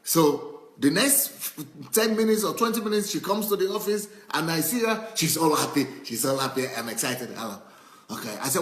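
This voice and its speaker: Male pastor, lively preaching, acts out stories, slightly high voice, roomy echo. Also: moderate pace. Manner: animated preaching with acted-out anecdotes and repetition. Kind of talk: sermon.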